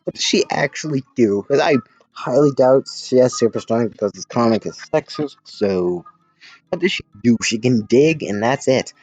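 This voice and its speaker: A man's voice: medium pitch, animated, normal speed, a little mellow, husky, dry recording, low-quality recording. A man casually reading a fan comic aloud and commenting, rambling and sarcastic, often trailing off mid-thought.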